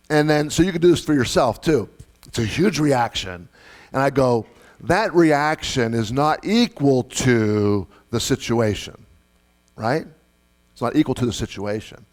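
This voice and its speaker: A middle-aged man with a medium-pitched voice preaches a sermon as pastor. He speaks conversationally, repeating key phrases and questioning the congregation.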